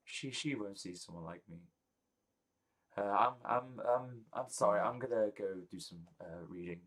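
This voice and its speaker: A man's voice: on the low side, moderate pace, a bit bright. A man voicing a nervous young wizard who stammers and stumbles over his words in a tabletop game. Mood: dejected. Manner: stammering, flustered.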